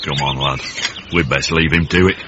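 An actor playing a gruff, dry-witted older uncle in a radio comedy, with a blunt, deadpan way of talking. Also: male voice, mid-range voice, moderate pace, natural voice. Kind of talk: 1980s radio comedy acting. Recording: dull, faintly hissy radio recording.

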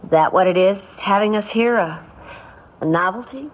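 An actress playing a tender young mother, speaking softly and from the heart in 1940s radio style. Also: medium pitch, normal speed, lightly acted. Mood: heartfelt. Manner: soft, heartfelt. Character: young mother torn between two brothers, tender. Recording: tinny old radio broadcast with faint hiss.

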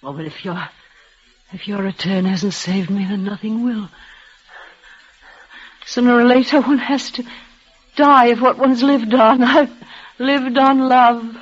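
A frail young woman near death, devoted and tender, speaks in breathless, halting bursts and restarts her words. The sound is dull and lo-fi, like an old radio broadcast. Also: a little high, fairly even intonation, breathy edge. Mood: tender, fading. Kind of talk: 1940s radio acting.

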